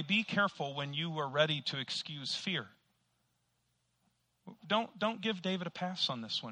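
A male pastor delivering a sermon in a high, very bright voice. He is emphatic and leans on rhetorical questions. The sound is close and dry. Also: no room sound.

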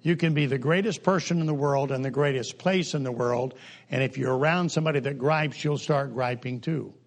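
An older man preaching a humorous sermon in a folksy, joking way, with sudden jumps in pitch and pace. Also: a little fast.

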